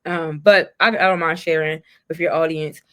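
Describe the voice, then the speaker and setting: A woman's voice: deep voice, fairly even intonation, normal speed. A woman guest on a podcast, sharing a personal story in a candid, heartfelt way.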